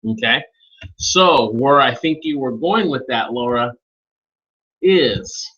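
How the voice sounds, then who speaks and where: A man leading a live online training session, speaking informally and calling on attendees by name as he walks through software steps. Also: medium pitch, expressive, takes it slowly, muffled recording. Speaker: webinar trainer.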